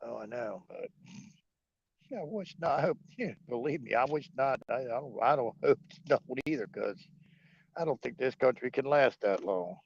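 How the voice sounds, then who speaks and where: A man's voice: medium pitch, expressive, moderate pace, creaky, breathy edge, dry recording. A man co-hosting a livestream, chatting casually, joking, swearing and laughing often. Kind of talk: casual political chat. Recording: dull lo-fi stream audio.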